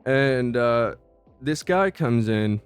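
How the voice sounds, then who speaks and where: Telling tales from a former job, this vlogger talks slowly and smoothly in a medium-pitched, animated voice with no echo. His storytelling is casual, full of slang and swearing, with stumbles and restarts over faint background music.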